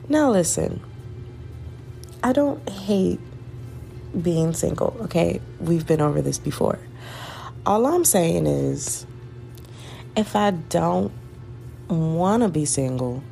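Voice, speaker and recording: A woman's voice: sits low, gravelly, warm tone. Rambling Southern woman in her twenties. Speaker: podcaster. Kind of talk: casual solo chat.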